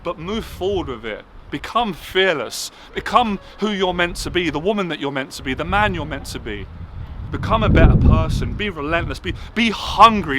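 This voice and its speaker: Man, motivational speaker, emphatic repetitive delivery, slightly high voice, outdoors with clear traffic noise. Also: animated, moderate pace. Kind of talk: impassioned motivational monologue. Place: outdoors on a city rooftop.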